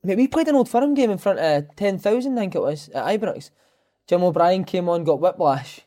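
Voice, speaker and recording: A Scottish man in his thirties talks fast and swaps football stories in a casual chat. His voice sits a little high for a man, and he tells his tales with lively energy. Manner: lively storyteller, breaks into shouted impressions and laughter. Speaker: former footballer, podcast guest.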